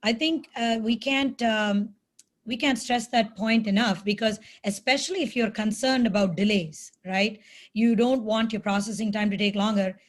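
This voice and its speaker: A woman hosts a webinar discussion over a video call, her voice sitting somewhat high. She talks in a conversational, engaged way and often checks in with the listener. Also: normal speed. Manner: conversational, adds "right?" and "you know". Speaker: webinar host.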